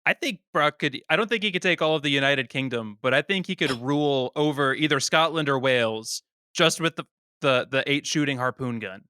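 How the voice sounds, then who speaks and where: A man co-hosting a comedy podcast in casual chat, tossing out quick joking asides. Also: a little high, sharp tone, clean tone, no room sound, studio quality. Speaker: podcast co-host.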